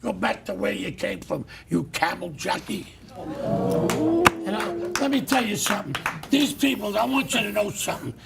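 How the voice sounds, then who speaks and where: A middle-aged man hosting a talk show, telling stories in a blunt, loud, animated rant. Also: high voice, moderate pace, vocal fry, very noisy. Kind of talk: casual ranting monologue.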